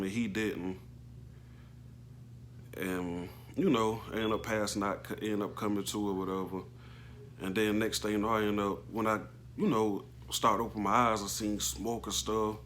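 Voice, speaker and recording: A man casually recounting a personal story, halting and slangy, with plenty of emotion. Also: lowish voice, fairly bright tone, a little hiss or hum. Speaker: vlogger telling a personal story.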